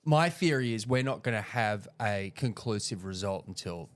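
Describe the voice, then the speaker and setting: A man's voice: on the low side, expressive, normal speed. A man co-hosting a cartoonists' podcast, chatting casually with lots of agreeing and restarts. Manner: chatty, frequent yeahs and restarts. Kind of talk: casual chat.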